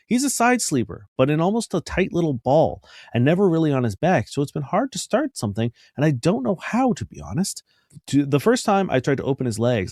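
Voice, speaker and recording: Male co-host, reads letters out wryly, lively up-and-down delivery, dry close sound. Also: medium pitch, no echo. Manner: wry, mocks people with put-on quotes. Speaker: podcast co-host. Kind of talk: casual chat, reading listener letters aloud.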